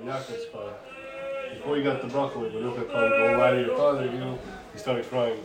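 A man's voice: medium pitch, steady tone, fairly quick, echoey room, loud music behind the voice. A man in a class audience asking the teacher tentative questions from a distance. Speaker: class participant.

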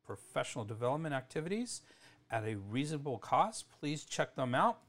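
A man's voice: medium pitch, very animated, a little fast, a bit bright. Chatty male podcast host. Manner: casual, chatty, self-correcting. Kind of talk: solo educational podcast.

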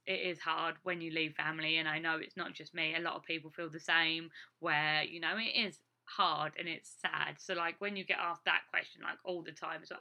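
Bright-voiced chatty English woman. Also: lowish voice. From England. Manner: chatty, rambling, many fillers. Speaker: teacher living abroad. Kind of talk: casual vlog talk.

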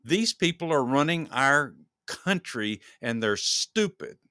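A man's voice: medium pitch, very animated, slow pace, pushed and bright, clear, resonant tone, no echo, clean studio sound. Heated man ranting on his podcast. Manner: heated, ranting, repeats words when worked up. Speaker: podcast host. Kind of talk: solo political commentary.

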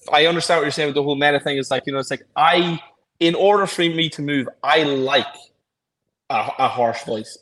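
A man's voice: mid-range voice, fairly bright tone, rough recording. A man co-hosting a podcast in casual chat, encouraging and thinking aloud as he talks. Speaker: podcast co-host.

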